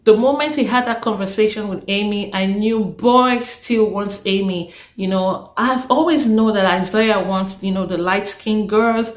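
A talkative woman from Africa recaps a reality show in a casual vlog, often breaking into exclamations and laughter. Her voice sits at a middle pitch. The recording carries a noticeable roomy echo. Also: a little slow, hardly any pauses.

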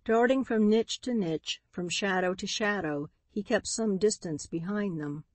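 A woman narrating an audiobook in a steady, even storytelling read. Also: mid-range voice, a little slow, dry recording. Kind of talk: scripted narration.

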